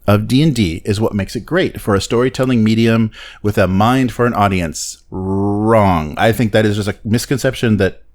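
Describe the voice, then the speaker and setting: A man hosting a casual tabletop games podcast, chatting with lots of fillers, quick laughs and skeptical asides. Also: lowish voice, darkish tone. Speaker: podcast host.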